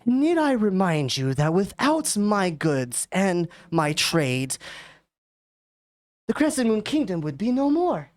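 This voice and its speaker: A woman's voice: mid-range voice, big pitch swings, takes it slowly, a little mellow. A woman voicing a proud female trade merchant in a tabletop game. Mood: haughty.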